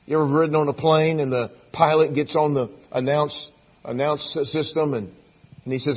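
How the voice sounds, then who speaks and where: A middle-aged man preaching a sermon, shifting from hushed, intimate lines to loud, emphatic bursts, with a husky voice. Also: mid-range voice, fast, highs cut off. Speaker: pastor.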